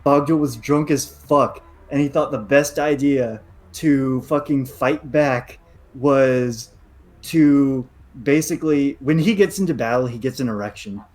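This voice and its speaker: A man's voice: mid-range voice, unhurried, a little mellow. A man casually telling a crude gaming story with laughs and swearing.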